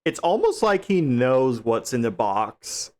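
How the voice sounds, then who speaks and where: A man's voice: medium pitch, big pitch swings, a little slow, darkish tone. A man co-hosting a movie podcast, chatting casually and chiming in with short remarks. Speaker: podcast co-host.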